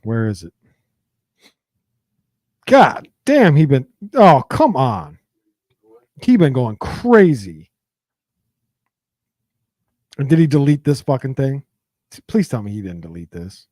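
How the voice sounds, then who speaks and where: A man's voice: medium pitch, slow, pauses often, no echo. Guy cohosting a podcast, voice jumps all over, opinionated, cusses, dry close mic. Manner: animated, opinionated, profane. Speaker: podcast co-host. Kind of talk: casual chat.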